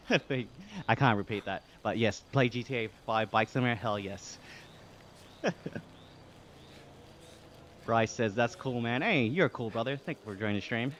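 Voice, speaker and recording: A man's voice: mid-range voice, lively intonation, a little slow, long pauses, fairly bright tone, a little hiss or hum. A man from Australia with an Australian accent, live-streaming and reading out chat while he cycles on an indoor trainer. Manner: reads chat aloud and thanks viewers, breathy from exertion.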